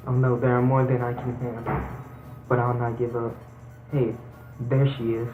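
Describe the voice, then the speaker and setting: Casual gameplay host doing hammy voices for the cast; dull, echoey home recording. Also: male voice, medium pitch, flat delivery, normal speed, music in the background. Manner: switches between hammy character voices and plain chatter. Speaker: let's play host voicing the game's characters. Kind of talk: casual gameplay commentary with acted dialogue readings.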